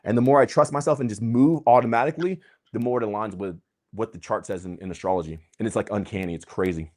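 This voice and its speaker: A man hosting a casual conversation, talking in an excitable, slangy way. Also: lowish voice, fast. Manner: excitable, slangy, uses "dude" and "bro". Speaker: host.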